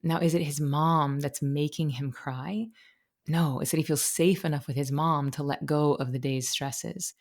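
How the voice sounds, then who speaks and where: Expressive woman explaining meditation. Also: deep voice. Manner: expressive, explains through analogies and stories. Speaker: podcast guest, meditation teacher. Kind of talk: conversational interview.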